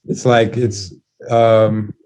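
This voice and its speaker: A man sits in as a guest musician, talking in a casual, laid-back way. His voice is mellow and warm, his stories wander with frequent restarts, and he swears freely as he goes. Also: fairly low pitch, flat delivery, very slow, rough recording. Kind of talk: casual interview chat.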